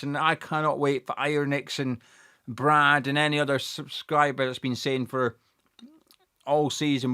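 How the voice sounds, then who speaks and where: A young man hosting a live football watch-along, chatting excitedly and reading out viewers' messages. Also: medium pitch, normal speed, clean tone. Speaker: fan channel host.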